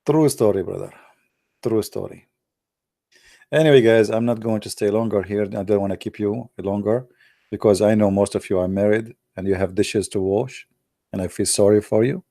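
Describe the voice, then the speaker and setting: Vlogger, male, from the Arab world; teasing, mellow, dry sound. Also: fairly low pitch, fairly even intonation, brisk, no echo. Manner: teasing, chuckling asides. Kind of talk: casual joking commentary.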